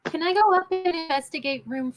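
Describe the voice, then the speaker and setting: A woman's voice: very high-pitched, a little fast, music in the background. A woman taking part as a player in a tabletop game, asking many curious questions. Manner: curious, asks lots of questions. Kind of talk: casual game chat.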